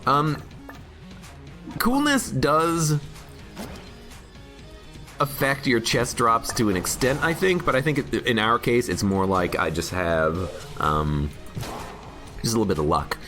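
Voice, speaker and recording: A man streaming a game while sick with a cold, his voice deep and hoarse, chatting in a rambling, self-mocking way. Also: moderate pace, sharp tone, faint music behind. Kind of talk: casual gameplay commentary.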